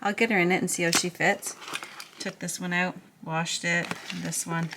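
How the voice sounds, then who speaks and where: A woman's voice: on the low side, little pitch movement, normal speed, noisy background. A young woman from Canada talking in a chatty, casual home vlog, using lots of fillers. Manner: chatty, filler-heavy talk. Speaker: vlogger.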